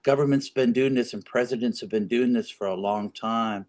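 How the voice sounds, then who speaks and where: A man's voice: mid-range voice, normal speed, darkish tone. A man co-hosting a political podcast, talking in a rambling, opinionated way with frequent restarts. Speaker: podcast co-host. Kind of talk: casual political chat.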